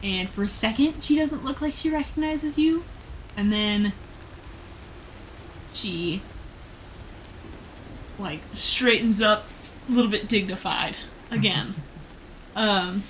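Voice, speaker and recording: A woman runs a tabletop game as game master, narrating scenes in a relaxed, laid-back way. She talks slowly and fills her pauses with "um" and "like". A faint hiss sits behind her voice. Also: mid-range voice, poor audio. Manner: relaxed, laughing, many fillers.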